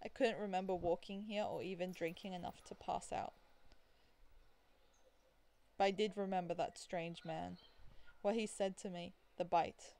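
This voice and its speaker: A woman's voice: on the low side, fairly even intonation, moderate pace, gravelly, long pauses, darkish tone. Chatty woman reading a game aloud. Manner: chatty, rambling asides, giggly. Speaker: let's play gamer. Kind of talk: reading a visual novel aloud with commentary.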